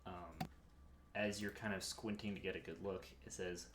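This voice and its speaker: A low-pitched man narrates a tabletop game as its game master. He describes each scene patiently and reads in-world text out slowly. A faint hiss of noise sits under his voice. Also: fairly even intonation.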